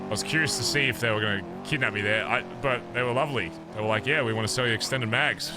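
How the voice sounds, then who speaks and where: A man's voice: mid-range voice, quick pace, music in the background. A man streaming a role-play game, chatting casually in character, laughing often and swearing freely.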